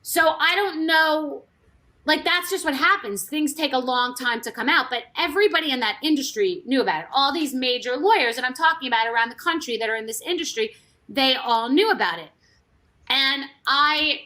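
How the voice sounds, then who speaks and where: With a high-pitched, bright, forceful voice at a moderate pace, this ex-reality TV cast member chats through some gossip. Her storytelling is candid and meandering, broken up by restarts and asides.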